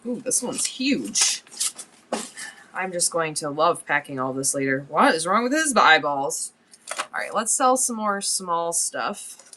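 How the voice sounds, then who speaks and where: A woman's voice: on the low side, big pitch swings, unhurried, pushed and bright, a little hiss or hum. A woman in her forties, chatting casually on a live-stream sale, rambling and laughing often as she shows antiques.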